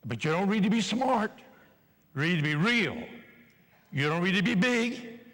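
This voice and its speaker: Bright, animated older man speaking in a hall. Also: high voice, a little slow. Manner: animated, playful, urging the audience. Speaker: motivational speaker. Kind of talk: live motivational speech. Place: large hall before an audience. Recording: long reverb in a hall.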